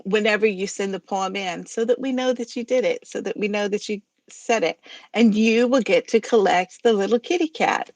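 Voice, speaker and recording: This poetry reading host has a fairly high voice, recorded with no room sound. She runs the livestream in a rambling, talkative manner, laughing readily as she goes over the rules.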